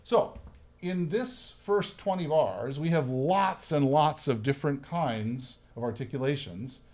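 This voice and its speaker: A man's voice: fairly high pitch, measured pace, a little mellow. A man leading a hands-on violin workshop, chatty, singing phrases and checking in with "right?" as he coaches the players. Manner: chatty, sings phrases, frequent "right?" and "okay?". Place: room with musicians playing.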